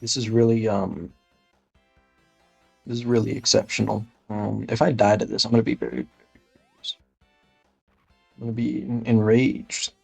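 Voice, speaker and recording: A man doing comedic gameplay commentary in an impression of a gaming creator, rambling through absurd deadpan jokes and cursing in frustrated outbursts. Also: on the low side, moderate pace, creaky, pauses often, husky, soft background music.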